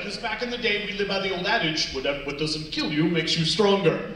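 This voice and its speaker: A man's voice: high-pitched, fairly quick, a bit bright, a little hiss or hum. A man in his forties from Canada, giving a playful, jokey talk to students on a stage and acting out little scenes. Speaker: motivational speaker. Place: large hall, on stage. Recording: echoey hall, mic from far off.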